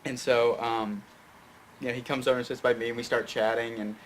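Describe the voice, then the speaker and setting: Fairly quick and flat, a young man's mid-range voice carries a slight hiss or hum. As a guest filmmaker on a talk show, this Fayette County, Tennessee native rambles through a long story, stumbling into fillers and restarts throughout the casual interview.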